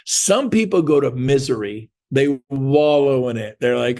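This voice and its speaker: A man, giving an energetic motivational sales talk to an audience, acting out other people's voices in quick asides. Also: mid-range voice, gravelly. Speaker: real estate sales trainer.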